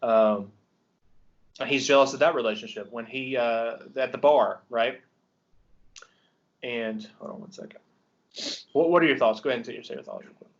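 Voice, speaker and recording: A film podcast host with a gravelly mid-range voice talks at normal speed, pausing often, over dull audio. He rambles eagerly and casually about a movie he loves, with frequent ums and restarts.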